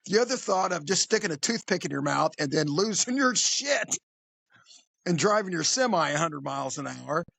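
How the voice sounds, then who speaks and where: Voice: medium pitch, lively intonation, normal speed, vocal fry, a bit bright, dry recording. A podcast co-host telling a comic true story in a rambling, jokey way and acting out the quotes. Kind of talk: casual comedic storytelling.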